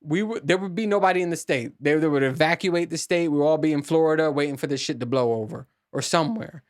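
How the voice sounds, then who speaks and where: A man with a slightly high voice talks fast in a casual solo podcast monologue, rambling, restarting often, and swearing frequently.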